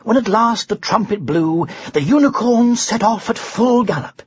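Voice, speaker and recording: Brief: expressive storybook narrator, husky tone, lively pitch, dry muffled recording. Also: moderate pace, no room sound. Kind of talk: storybook reading aloud.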